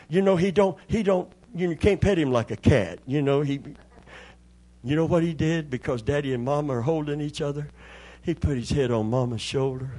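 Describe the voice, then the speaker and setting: A man's voice: a little high, mellow. An older man, a pastor preaching a Pentecostal sermon in a church, joking in a folksy way and calling on the congregation for amens.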